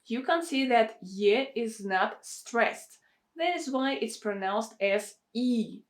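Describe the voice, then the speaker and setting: Slow, careful woman teaching pronunciation. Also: a little high. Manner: repeats example words slowly and carefully. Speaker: language teacher. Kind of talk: pronunciation lesson.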